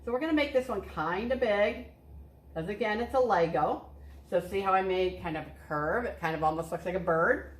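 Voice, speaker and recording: A woman art teacher with a medium-pitched, expressive voice leads children through a cheerful drawing lesson step by step, encouraging them along the way at a moderate pace. She's in an art studio, and the recording has an echoey room sound.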